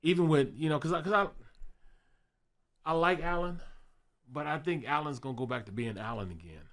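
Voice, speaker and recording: A man's voice: a little high, fairly quick. A man on a sports betting panel, chatting casually and often stammering and repeating words.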